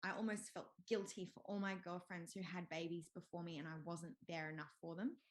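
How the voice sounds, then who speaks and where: Speaking a little fast in a low, fairly flat voice, a woman chats openly as a guest on a podcast. The interview is candid and casual, and she laughs lightly and uses plenty of fillers.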